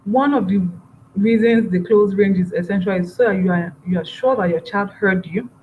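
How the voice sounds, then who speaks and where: A woman giving a parenting training talk, lively and acting out parent and child voices as she explains. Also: medium pitch, normal speed, phone-quality sound, a little hiss or hum.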